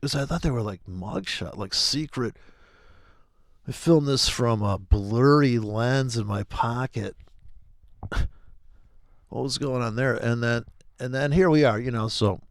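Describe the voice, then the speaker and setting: A middle-aged man rambles through a loose, profane trading monologue. His voice is gravelly and his pitch leaps around as he jokes. The sound is dry and close, with no room echo. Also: animated, a little slow. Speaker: forex trading video host.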